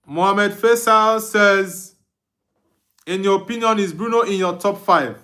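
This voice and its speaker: High-pitched, a little slow, and pushed and bright, this young Nigerian man speaks English with an Igbo accent. During his live football watch-along he reads viewers' chat comments aloud and replies with frequent laughter.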